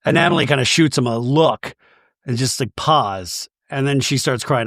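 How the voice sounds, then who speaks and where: A man's voice: mid-range voice, moderate pace, fairly bright tone, no room sound, clean studio sound. A man hosting a podcast, casually recapping a reality show episode in a chatty, self-deprecating way. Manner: chatty and self-deprecating, quotes cast members in their own voice.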